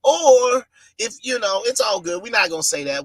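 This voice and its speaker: A man's voice: high-pitched, expressive, normal speed, no echo. A man co-hosting a casual podcast, teasing and easygoing in slang. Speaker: podcast co-host.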